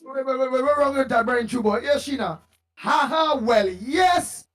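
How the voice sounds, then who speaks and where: A man's voice: extremely high pitch, normal speed, a bit bright, dry recording. A Trinidadian man hosting a live morning show, chatty and playful, greeting viewers by name and laughing often.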